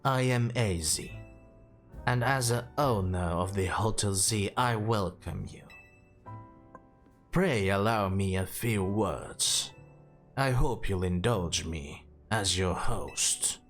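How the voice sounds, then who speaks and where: A solemn, ancient giant of a man, played by a man. He speaks low, slow and ceremonious, every word weighed. Quiet game music runs beneath. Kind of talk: reading game dialogue aloud.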